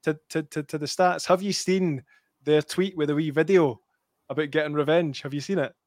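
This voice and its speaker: A man's voice: a little high, steady tone, moderate pace, no echo, clean studio sound. A Scottish man co-hosting a football podcast, chatting casually and quizzing his friend with stats. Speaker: podcast co-host.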